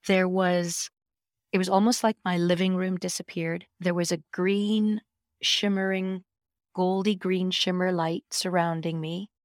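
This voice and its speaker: A middle-aged woman telling a personal story as a podcast guest, emphatic and expressive, with sudden jumps in pitch. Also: a little slow, no room sound, studio quality.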